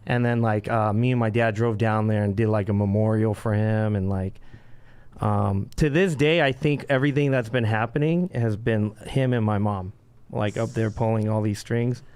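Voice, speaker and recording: A man who is a guest on a podcast, telling loose, lively stories in a casual chat. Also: fairly low pitch, normal speed, smooth. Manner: lively, loose storytelling with laughs.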